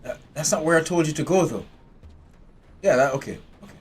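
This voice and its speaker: A man's voice: on the high side, lively intonation, a little fast, darkish tone, breathy edge. A man giving live commentary while playing a strategy game, chatting and talking to his game characters. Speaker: game streamer.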